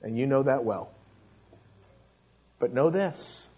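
A man preaching a sermon, swinging between hushed, intimate passages and shouted, pleading fervor. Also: medium pitch, animated, takes it slowly, breathy edge, dull audio. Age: adult with young sons. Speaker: pastor.

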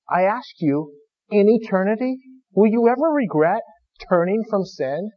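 A man preaching a sermon with fervor, his voice swinging between loud appeals and hushed pleas. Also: high-pitched, animated, a little slow. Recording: dull lo-fi recording.

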